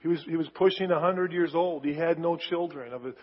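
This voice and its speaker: A man's voice: a little high, fairly quick. A man preaching a sermon as pastor, emphatic, repeating words for stress. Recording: muffled sound in a large reverberant hall.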